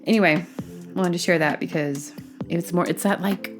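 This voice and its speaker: On her own show, this host speaks at an ordinary pace in a lowish voice while faint music plays underneath. Her long, casual story wanders with fillers and false starts, and she voices other people's lines with sudden excited laughs.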